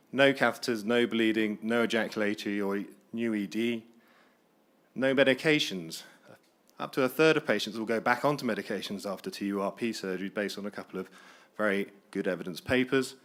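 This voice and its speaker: A man with a fairly low voice argues his case in a conference debate. He is energetic and persuasive, with punchy questions and answers. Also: brisk. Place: conference hall.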